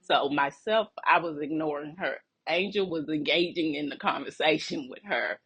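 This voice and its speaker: A woman telling a workplace story in a casual, animated and indignant way, laughing between phrases. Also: deep voice, moderate pace, slightly rough.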